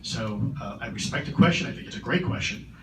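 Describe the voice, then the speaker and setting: A man's voice: lowish voice, animated. Earnest man speaking in a roomy hall. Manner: earnest, measured, repeats words. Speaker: conference keynote speaker. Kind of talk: public Q&A answers. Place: large conference hall. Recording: roomy hall, distant mic, noisy.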